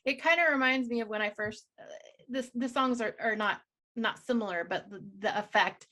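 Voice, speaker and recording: Female radio host, warm gush, tripping over her words in eager chat. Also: fairly high pitch, moderate pace. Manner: gushing, enthusiastic, many restarts. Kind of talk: casual interview chat.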